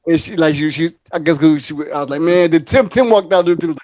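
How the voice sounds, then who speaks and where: A man's voice: a little high, fast talker, few pauses, no echo, studio quality. A man hosting a podcast, telling a long story in casual chat, acting out other people's voices and laughing often. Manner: animated, acts out quoted voices, laughs often. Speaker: podcast host.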